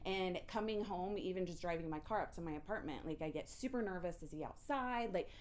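A woman telling an emotional personal story in an intense, animated way, often restarting her sentences. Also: on the low side, brisk.

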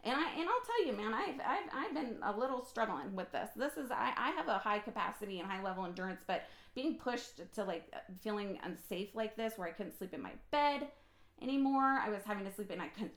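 Emphatic woman preaching in an echoey room. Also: medium pitch. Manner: emphatic, swings from quiet to loud and excited. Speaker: podcast host and preacher. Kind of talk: impassioned personal sermon. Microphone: phone recording.

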